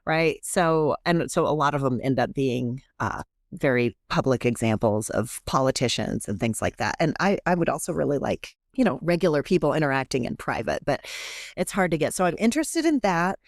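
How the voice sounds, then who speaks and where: A middle-aged woman professor, chatty and animated, often interrupting herself as she talks in a podcast interview. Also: extremely low pitch, normal speed, no room sound, clean studio sound. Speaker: guest professor.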